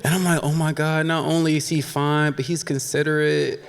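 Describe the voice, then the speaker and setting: A man's voice: a little high, flat delivery, normal speed, vocal fry, a faint crowd. A man in his thirties telling a funny true story on stage, candid, with laughing asides to the audience. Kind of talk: live personal storytelling on stage. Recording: long reverb of a stage hall.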